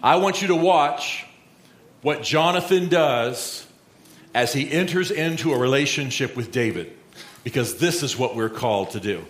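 A male pastor preaching a sermon, telling a Bible story and acting out the quotes with lively, conversational energy. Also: mid-range voice, measured pace. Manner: storytelling, animated, acts out quotes. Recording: roomy echo.

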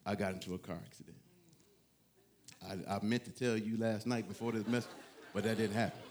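A male pastor preaching a sermon in a church, telling a story with laughter and sudden bursts of near-shouting. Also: fairly low pitch, steady tone, fairly quick, a faint crowd. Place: church with a congregation.

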